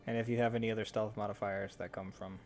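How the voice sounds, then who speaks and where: A man narrating a tabletop game as game master, talking in a relaxed, casual way. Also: fairly low pitch, fast talker, soft background music. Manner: relaxed, casual, many fillers.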